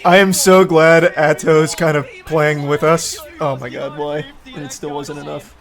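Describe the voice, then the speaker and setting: A man's voice: on the high side, measured pace, vocal fry. A man cheering and joking as he watches a live match on stream. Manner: excitable, jokey, cheering. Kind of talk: live watch-along reactions.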